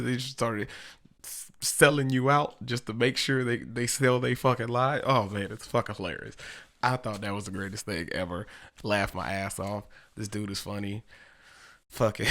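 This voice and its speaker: Gravelly-voiced man chatting casually. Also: lowish voice, measured pace, fairly bright tone. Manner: laid-back, profane, laughs often. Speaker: podcast host. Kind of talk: casual solo podcast chat.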